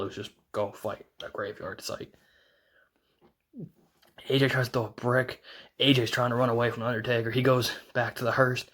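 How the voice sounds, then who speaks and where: A man giving a casual, excited recap as a wrestling reviewer, rambling with lots of restarts and fillers. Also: mid-range voice, breathy edge. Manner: rambling, fast retelling full of "like" and restarts.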